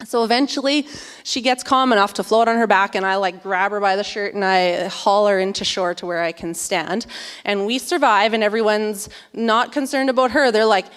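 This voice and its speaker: Woman, 30s, church speaker, slightly high voice, animated storyteller, echo of a large hall. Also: moderate pace, smooth. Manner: animated, chatty storytelling with many "like"s. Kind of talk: storytelling sermon. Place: church sanctuary. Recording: long hall reverb.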